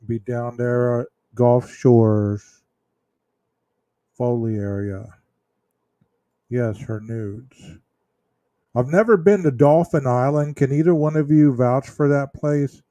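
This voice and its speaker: A man from Texas hosts a casual livestream and talks unhurriedly to his chat, often pausing on ums and restarting his sentences. His voice is dark and mellow, and the recording is dry and close. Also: medium pitch, dry recording. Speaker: true crime livestream host. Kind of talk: casual livestream chat reading viewer comments.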